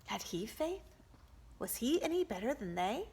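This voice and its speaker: A woman reading a novel aloud as an audiobook, with expressive narration. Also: on the high side, moderate pace, creaky. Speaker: audiobook reader for a homeschool group.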